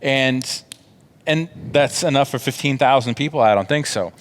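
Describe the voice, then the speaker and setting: A man's voice: mid-range voice, normal speed, a little hiss or hum. Male children's teacher, casual storyteller, slangy delivery. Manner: chatty, slangy, acts out quotes. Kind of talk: casual Bible story telling for kids.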